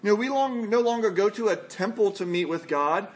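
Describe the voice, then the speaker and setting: A man's voice: sits high, lively intonation, brisk. A man preaching a sermon as a pastor. He speaks in a conversational, emphatic way and asks rhetorical questions.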